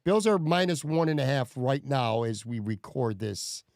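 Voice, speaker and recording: A man hosting a sports podcast in casual chat, relaxed and hedging with fillers. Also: medium pitch, normal speed, no echo, studio quality. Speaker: podcast host.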